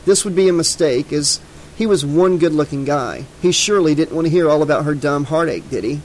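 A man reading a horror novel aloud in a measured, dramatic way. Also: fairly high pitch, a little mellow, a little hiss or hum, poor audio. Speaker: audiobook narrator. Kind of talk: scripted narration.

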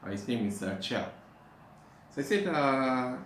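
A man preaching a sermon, pausing often with "uh" and slowing down to stress scripture verses. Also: medium pitch. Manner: halting, with frequent "uh" pauses. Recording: echoey room, faint background noise.

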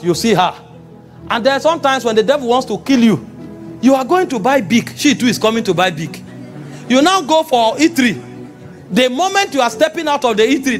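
A man with a Nigerian accent, preaching an animated sermon to a congregation, often rising to shouts. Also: sits high. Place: church meeting.

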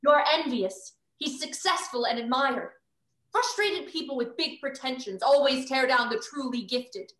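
A woman's voice: high voice, expressive, a little slow, fairly bright tone. A young actress playing a proud, theatrical stage-star mother whose grand scolding turns tender, performed over a video call. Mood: haughty. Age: young adult. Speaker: student actor.

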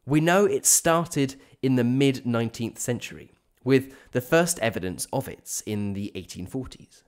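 A man hosting an English-learning podcast, reading a clear scripted explanation and slowing down on examples. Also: mid-range voice, animated. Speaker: podcast host teaching English. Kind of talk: scripted educational narration.

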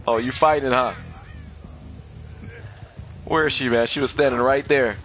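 A man hosting a gaming channel, giving excitable live commentary over gameplay, trash-talking the other players and laughing often. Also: medium pitch, a little slow, faint music behind.

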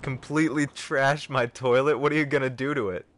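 A man's voice: medium pitch, steady tone, fairly quick, a bit bright. Joking male game streamer. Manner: joking, self-mocking, talks to chat. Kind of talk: casual gameplay commentary.

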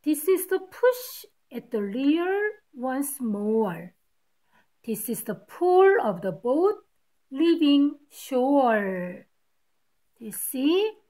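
Very animated yet very slow, a woman teacher reads a picture book aloud to kids in a warm, high voice. Patiently, she stops at every rhyme to explain it.

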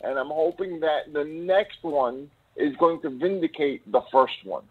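High-voiced man on a tinny phone line. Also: measured pace, husky. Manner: chatty, rambling, piles up examples. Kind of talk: casual live-stream chat.

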